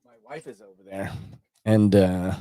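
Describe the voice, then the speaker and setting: A man's voice: low-pitched, measured pace, warm tone, dry recording, studio quality. A man vlogging about knives in a rambling casual chat, full of slang and frequent swearing. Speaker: knife vlogger.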